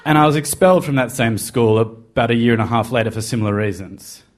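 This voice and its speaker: A man with a medium-pitched voice tells a personal story to a live podcast at a quick pace. His manner is wry, self-deprecating, and confessional.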